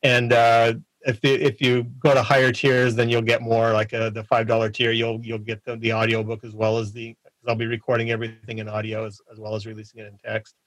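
A man's voice: medium pitch, completely flat delivery, fairly bright tone, dry recording, poor audio. A man talking as a podcast guest in a friendly, casual way, often restarting his sentences. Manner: friendly, halting with many restarts. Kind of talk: casual interview chat.

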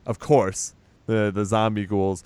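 Clear-voiced man recapping a film casually. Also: lowish voice, level tone, unhurried, darkish tone, dry recording. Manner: rambling retelling with acted-out quotes and laughs. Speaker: podcast co-host recapping a movie. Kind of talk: casual chat.

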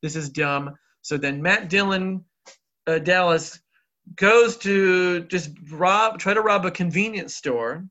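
A man's voice: sits high, takes it slowly, sharp tone. A man co-hosting a podcast, recapping a film in a rambling casual way with frequent laughs and filler words. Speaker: podcast co-host.

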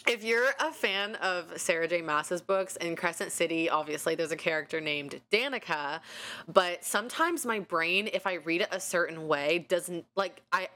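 Low-voiced woman chatting casually. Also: normal speed, sharp tone. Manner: chatty, rambling with restarts. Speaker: co-host. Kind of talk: casual chat.

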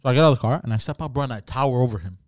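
A man casually telling a story on a podcast, acting out shouted quotes with lots of swearing and "bro". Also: mid-range voice, very fast, no room sound, clean studio sound. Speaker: podcast host.

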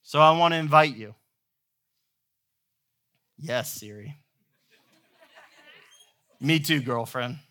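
A man's voice: on the high side, slow pace, long pauses, pushed and bright. A man in his thirties preaching a sermon as pastor, telling stories in a playful, humorous way. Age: 30s.

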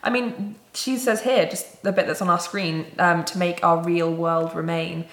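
A woman's voice: lowish voice, steady tone, unhurried, fairly bright tone, roomy sound. A woman co-hosting, thinking aloud in a hesitant, thoughtful way. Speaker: co-host. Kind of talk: casual chat about listener entries.

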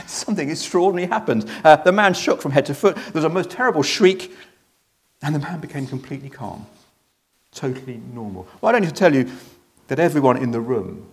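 A man's voice: fairly high pitch, sing-song, moderate pace, vocal fry, pauses often. A man playing an ordinary congregation member, telling in the first person how an unusual preacher amazed him, in a chatty storyteller manner with hesitant restarts. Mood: storytelling. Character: ordinary man in the congregation, a jaded sermon-dozer left amazed. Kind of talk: first-person dramatic monologue in a sermon.

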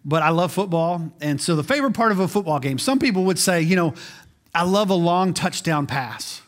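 A man's voice: high voice, animated, a little fast. A man in his forties preaching a sermon in a conversational way as pastor, often repeating words as he restarts.

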